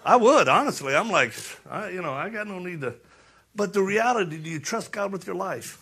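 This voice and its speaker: Middle-aged male preacher, gravelly and forceful, animated storyteller with urgent challenges. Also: high-pitched, fairly quick, some chatter behind. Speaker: speaker. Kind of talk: sermon-style talk.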